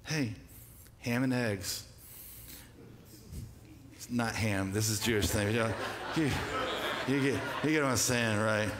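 A man's voice: on the low side, moderate pace, background noise. A man preaching a sermon as pastor, who calls on the congregation to repeat phrases back and builds to emphatic peaks. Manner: call-and-response preaching, rising emphatic delivery. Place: church sanctuary. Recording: echoey church hall.

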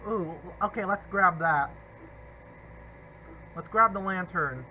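A man giving excitable gameplay commentary, talking to himself and often apologizing. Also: high voice, slow pace, long pauses, slight background noise, poor audio. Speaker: gamer.

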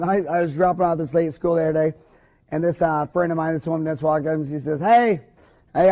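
A man's voice: fairly high pitch, mellow. A man, a dentist, giving an informal recorded lecture to other dentists, talking in an emphatic, folksy, rambling way with many asides.

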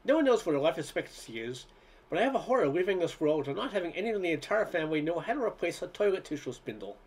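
A man reading a humorous essay aloud in a wry, unhurried storytelling manner. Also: a little high, big pitch swings, husky. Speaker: reader.

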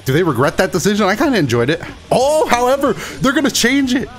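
A man reacting excitedly as a gaming YouTuber, exclaiming and repeating phrases over and over. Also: sits high, fast talker, faint music behind. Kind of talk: excited live reaction commentary.

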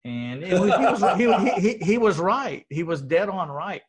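A man's voice: sits high, expressive, normal speed, husky. A middle-aged man from Texas telling his story in an earnest, rambling way, often restarting his sentences. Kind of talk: casual conversational storytelling.

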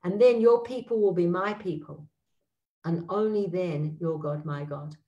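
Low-voiced woman teaching a Bible lesson. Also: far from the mic, dull audio. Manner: reads verses aloud slowly, then comments with frequent restarts. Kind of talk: text study lesson.

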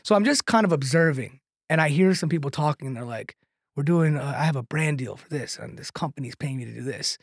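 Lively, higher-voiced man telling a story. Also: brisk, gravelly, breathy edge, no echo, clean studio sound. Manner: animated, tags lines with "right?"; laughs through his own story. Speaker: guest comedian and content creator. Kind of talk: storytelling anecdote in a podcast chat.

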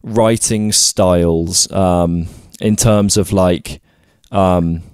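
A man hosting a podcast, talking thoughtfully and haltingly with lots of fillers. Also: low-pitched, fairly even intonation, a little mellow, clear, resonant tone, dry recording, clean studio sound. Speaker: podcast host. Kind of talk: casual chat.

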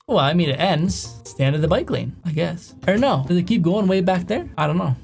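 A man's voice: fairly high pitch, quick pace, gravelly, few pauses, darkish tone, faint music behind. A young man doing casual reaction commentary, rambling and correcting himself as he goes, often chuckling. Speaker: YouTube commentator.

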